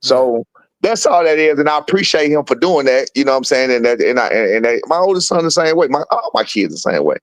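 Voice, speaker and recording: Close to a dry mic, a boxing father on as a guest tells casual stories fast and with lots of animation, switching pitch dramatically when quoting people. He talks in street slang and repeats "you feel what I'm saying." The recording is rough, with no echo.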